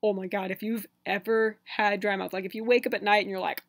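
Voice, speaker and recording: A man's voice: sits high, level tone, a little fast, a bit bright, no room sound. A young man telling a story on his vlog in a casual, chatty way, full of fillers and laughs. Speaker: vlogger.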